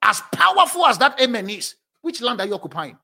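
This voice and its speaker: A man preaching a sermon as pastor, animated and often breaking into laughter between phrases. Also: very high voice, fairly quick, gravelly. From moved to South Africa as an adult.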